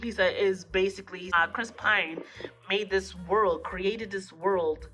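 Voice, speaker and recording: A woman recapping a film in a casual review vlog, a little hoarse from a cold, animatedly acting out the lines as she goes. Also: takes it slowly, faint music behind. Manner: animated retelling, acting out lines in jumps of pitch. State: hoarse, getting over a cold. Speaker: movie reviewer.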